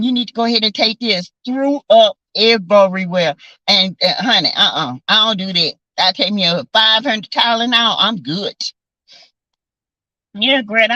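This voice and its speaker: A woman with a Southern American accent, telling stories in a sassy, animated casual chat, swearing and calling listeners honey and baby. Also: medium pitch, dry recording, poor audio. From South Carolina. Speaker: vlogger chatting with live viewers.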